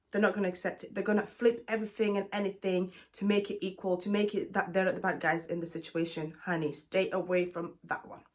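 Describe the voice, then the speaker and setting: A woman vlogger giving blunt, emphatic relationship advice to the camera, calling the listener honey. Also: mid-range voice. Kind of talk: direct advice talk to camera.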